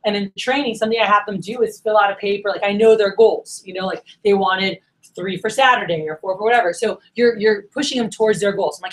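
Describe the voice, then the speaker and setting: Fast-talking woman sales coach. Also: mid-range voice, poor audio. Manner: energetic, coaching, acts out phone calls. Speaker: sales manager coaching new managers. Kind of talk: training workshop talk.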